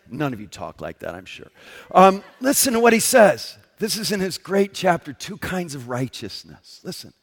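A man preaching a sermon in a conversational, emphatic way, swinging between loud and hushed and often checking in with "right?". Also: sits high, big pitch swings, moderate pace. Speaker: pastor.

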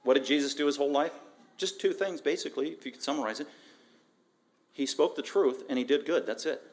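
A man preaching from the pulpit, his voice sitting a little higher than most men's. He is emphatic and animated, hammering points through repeated phrases and rhetorical questions as he teaches verse by verse. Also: brisk. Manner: emphatic, animated, with frequent repetition. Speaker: pastor. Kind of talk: expository sermon.

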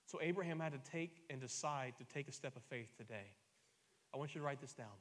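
A male pastor delivering a sermon, repeating key lines and building to loud emphatic peaks. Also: medium pitch, fast talker, long reverb tail.

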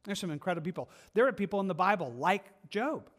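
A man with a high, light voice preaches to his congregation. He talks earnestly and conversationally, doubling back on his words and adding casual asides as he explains the text. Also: lively intonation, quick pace, a bit bright. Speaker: pastor. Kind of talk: sermon.

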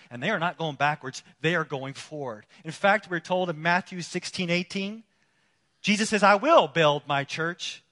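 High-voiced man preaching in a reverberant hall. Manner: swings from loud, emphatic declarations to quiet, intimate appeals; repetitive preaching cadence. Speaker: pastor. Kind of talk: sermon.

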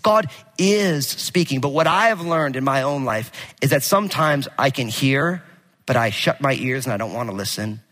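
A male pastor preaching a sermon with animated, casual storytelling and jokes. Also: mid-range voice, normal speed. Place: church sanctuary. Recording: long hall reverb.

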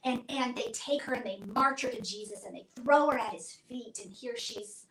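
Woman co-host, higher voice, earnest storyteller; roomy, distant sound. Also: normal speed, fairly bright tone, a little hiss or hum. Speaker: podcast co-host. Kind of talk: casual Christian podcast chat. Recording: echoey room, voice from off mic.

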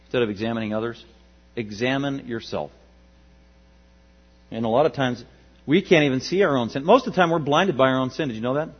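A pastor preaching a sermon with emphatic rises to loud peaks and drops to quiet asides, his voice a bit husky. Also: mid-range voice, fairly quick, pauses often. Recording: dull lo-fi with mains hum.

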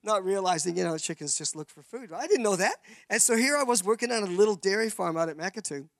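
A man telling his life story as a sermon, his voice high and gravelly. He rambles with many restarts and slips into voices for the people he quotes. The sound is close and dry. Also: lively intonation, quick pace, a bit bright, no room sound. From Canada. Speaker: speaker giving a testimony.

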